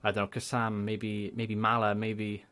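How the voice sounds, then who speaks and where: A young man with a Welsh accent, a gaming YouTuber chatting casually and rambling through channel shout-outs. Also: fairly low pitch, completely flat delivery, normal speed. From Wales. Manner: chatty, rambling, laughs often.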